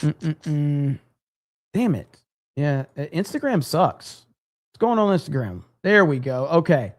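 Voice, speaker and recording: Male streamer, casual and profane, slightly high voice, reads chat. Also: very animated, takes it slowly. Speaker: livestream host. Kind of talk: casual live-stream chat reacting to clips.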